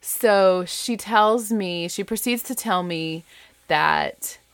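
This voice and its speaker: A woman's voice: medium pitch, slow, gravelly, no room sound. A woman in her thirties telling a story from her bedroom at home, chatty and rambling, with lots of asides. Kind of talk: casual storytelling.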